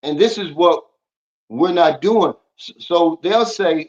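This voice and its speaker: A man hosting a casual livestream, talking bluntly and lecturing his viewers as he answers their comments. His voice sits a little high for a man. The audio is dull and lo-fi. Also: slow pace, darkish tone. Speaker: livestream host.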